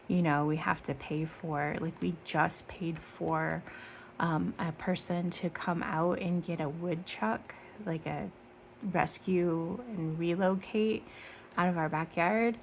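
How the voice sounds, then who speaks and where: Gravelly low-voiced woman vlogging about budgeting. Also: steady tone, slow, a little hiss or hum. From Michigan. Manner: chatty and rambling, with tangents and self-corrections. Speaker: budgeting channel host. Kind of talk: casual budgeting vlog, counting cash aloud.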